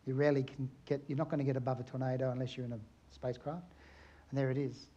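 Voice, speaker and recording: A man's voice: mid-range voice, level tone, fast talker, mellow, dull audio. A middle-aged man from Australia, an aerial photographer giving a chatty, anecdotal conference talk and asking his audience questions.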